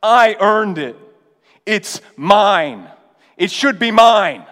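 A preacher acting out a resentful, self-righteous elder brother who complains indignantly. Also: male voice, high-pitched, lively intonation, drawn-out words, fairly bright tone, in a large hall, pitched above the performer's own voice, exaggerated voice.

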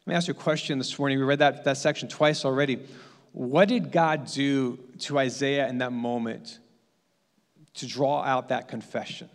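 A man's voice: mid-range voice, fairly even intonation, normal speed, long reverb tail. A man preaching a sermon as pastor, building his points through emphatic repetition.

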